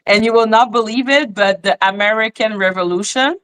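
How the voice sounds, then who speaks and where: Playful French-accented woman, high voice. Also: a little fast, a bit bright, rough recording. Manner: playful, laughing, mimics people in French. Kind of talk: casual chat on a live stream.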